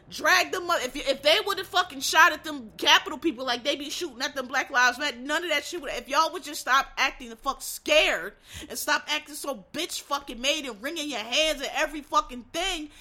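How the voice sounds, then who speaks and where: A woman's voice: high voice, moderate pace, sharp tone. An American woman in a casual, heated rant, blunt and swearing constantly. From United States.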